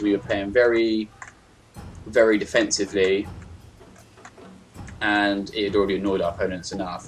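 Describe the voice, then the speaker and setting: A young man giving casual gameplay commentary as host, chatty and excitable, acting out reactions on a home computer mic. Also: on the low side, a little hiss or hum. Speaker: gaming video host. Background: game music.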